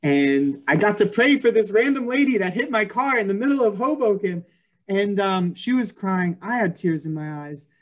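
A man's voice: high-pitched, expressive, normal speed. Earnest young man giving a testimony. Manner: earnest, many ums and likes. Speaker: guest speaker. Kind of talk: Christian testimony over a video call. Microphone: video call.

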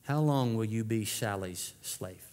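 A man preaching a sermon as lead pastor, telling a story with lively shifts and dropping low for dramatic lines. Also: measured pace. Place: church sanctuary. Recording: long church hall reverb.

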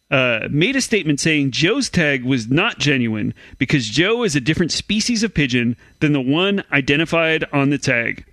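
A man reads odd news items on a comedy podcast, slipping in dry asides. His voice is high and bright. It is recorded dry and close. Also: no room sound. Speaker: podcast co-host reading news.

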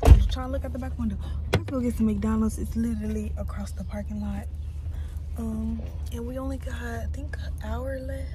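A woman's voice: a little high, steady tone, fast talker. Chatty teen woman vlogging over car noise. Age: late teens. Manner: chatty, rambling. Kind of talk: casual vlog chat. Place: inside a car on a road trip. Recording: noisy car and gas station sound.

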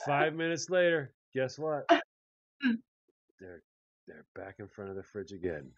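A man hosting a comic chat, telling stories with animated delivery and quick quoted voices. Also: mid-range voice, no echo. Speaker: host. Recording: muffled lo-fi audio.

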